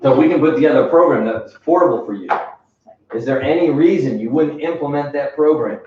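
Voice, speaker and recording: A man's voice: a little high, brisk, slight background noise. A man leading a sales training session in an emphatic coaching manner, often checking in with "right?". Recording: distant, echoey room, dull sound.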